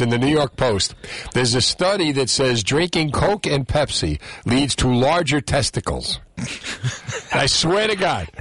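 Animated jokey male radio host. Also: fairly high pitch, dry recording. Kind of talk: radio call-in quiz banter.

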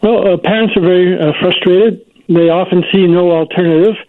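Man, professor guest, measured, hesitant, high voice, phone-line sound. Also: fairly even intonation. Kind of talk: interview.

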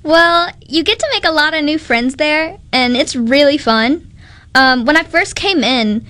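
A young woman with a Southern accent chats bubbly and giggly as a guest on a talk show. Her voice sits very high and sounds bright and sharp. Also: unhurried, smooth. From Mississippi. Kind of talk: casual interview chat.

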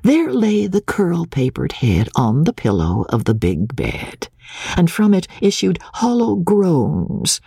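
Animated, gravelly male audiobook narrator. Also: a little high, slow pace, no room sound, clean studio sound. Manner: animated, theatrical delivery. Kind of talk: expressive novel narration.

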